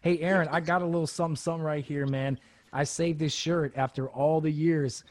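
A man's voice: a little high, brisk. A man who hosts a casual chat and tells military training stories with laughs and acted-out quotes. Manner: animated, laughs often, acts out quotes. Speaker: podcast host, former Navy special operator.

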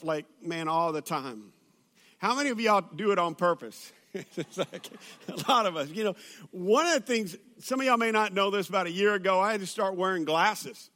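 Bright high-voiced pastor preaching. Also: male voice. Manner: storytelling with humor, many fillers and restarts. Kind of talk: sermon. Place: church auditorium with audience.

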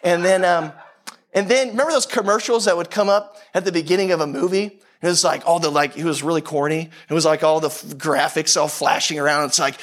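A man's voice: fairly high pitch, quick pace. A man in his thirties preaching a sermon in a conversational, storytelling way, with self-deprecating humor. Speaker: pastor.

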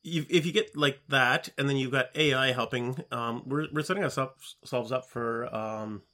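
A middle-aged man chats casually as a podcast co-host, his voice at a plain middle pitch. He talks in a halting way, stopping and restarting his sentences as he feels out his thoughts. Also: sharp tone. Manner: hesitant, halting, with many restarts. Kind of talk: casual chat.

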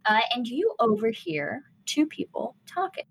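A woman narrating a tabletop role-playing game as game master, describing scenes at a relaxed pace with frequent fillers. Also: sits high, a little slow, creaky, breathy edge, low-quality recording.

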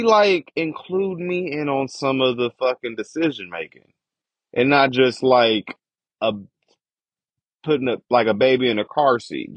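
Husky-voiced man ranting on a podcast. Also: mid-range voice, dry recording. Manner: frustrated profane ranting about family. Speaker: podcast host. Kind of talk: casual podcast monologue. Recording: dull lo-fi dry recording.

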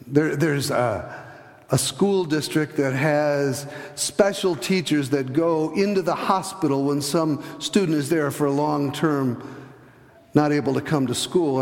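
A pastor preaches a sermon, telling stories and acting out the voices of people in his anecdotes. He restarts hesitantly at times and drops to soft, low tones for emphasis. The recording carries a long hall reverb.

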